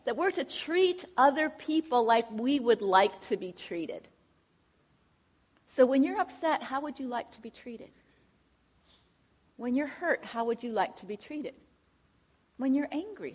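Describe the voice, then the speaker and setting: High breathy woman teaching on faith. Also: expressive, measured pace. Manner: earnest, direct, asks rhetorical questions. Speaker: Christian counselor and speaker. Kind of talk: faith-based teaching talk.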